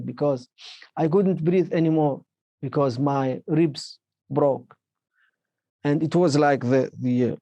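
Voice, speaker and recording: A man giving a personal testimony in halting English, a second language for him, with many restarts and fillers. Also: a little high, mellow, no room sound. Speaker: interviewee.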